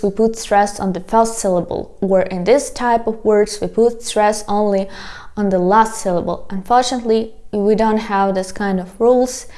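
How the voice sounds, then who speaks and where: Slow, patient Ukrainian-accented woman teacher. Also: mid-range voice, darkish tone. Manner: patient, addresses viewers as "guys", repeats words slowly for practice. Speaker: language teacher. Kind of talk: online language lesson.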